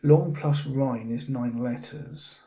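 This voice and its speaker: A man's voice: medium pitch, takes it slowly, dark tone. A man thinking aloud as he works through a cryptic crossword, musing and muttering the clues half to himself. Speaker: crossword solver. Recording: dull lo-fi audio.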